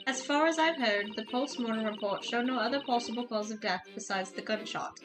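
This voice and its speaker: A woman putting on a haughty English gentlewoman. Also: on the high side, brisk, music in the background, natural voice, rough recording. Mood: composed. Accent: put-on English. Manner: lofty, condescending, formal diction. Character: haughty young English gentlewoman, proud and prim.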